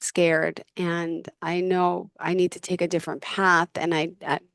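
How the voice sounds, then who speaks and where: A woman's voice: fairly low pitch, little pitch movement, creaky, fairly bright tone, clean tone, dry recording. A woman podcast host on a video call, speaking openly and emotionally about her feelings. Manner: emotional, open, quick to share feelings. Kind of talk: interview conversation.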